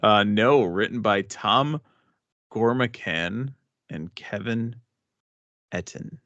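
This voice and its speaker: A man's voice: lowish voice, slow, a bit bright, dry recording, muffled recording. A man co-hosting a casual movie review podcast, rambling and thinking aloud. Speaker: podcast co-host.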